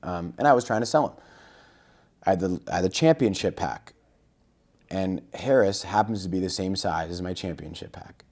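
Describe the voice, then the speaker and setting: His voice sits low and moves at a normal speed as he shares a laid-back story on a podcast where he's a guest. The telling is lively, and he acts out what each person said.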